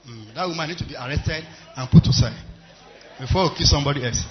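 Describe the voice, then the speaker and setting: Emphatic Nigerian preacher, muffled. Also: male voice, fairly high pitch, lively intonation, fast, background noise. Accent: Nigerian English. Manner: emphatic, swings between loud exhortation and quiet storytelling. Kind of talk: sermon. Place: church service. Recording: muffled recording.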